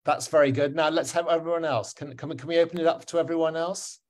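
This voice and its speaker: A man teaching pronunciation in an online webinar, encouraging and repeating sounds slowly for learners. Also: fairly high pitch, steady tone. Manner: encouraging, drills words slowly and repeats them. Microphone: video call.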